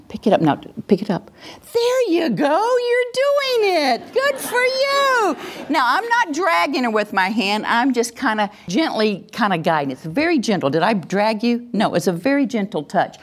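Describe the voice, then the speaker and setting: A woman running a parenting workshop as a live demonstration speaks plainly at first, then breaks into high, gushing praise.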